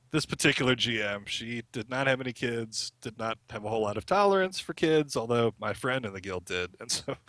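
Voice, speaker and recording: A middle-aged man tells a story as a guest on a podcast, laughing often as he goes. His voice is bright and forward, and the close mic keeps it dry. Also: medium pitch, no room sound. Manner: chatty, laughs often while telling stories. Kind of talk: casual storytelling chat.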